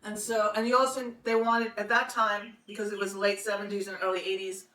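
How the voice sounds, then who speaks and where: A woman's voice: mid-range voice, little pitch movement, fairly quick, sharp tone. A woman in her sixties telling a long personal story in a chatty, rambling way, often laughing. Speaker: podcast host. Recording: roomy, distant from the mic, faint noise.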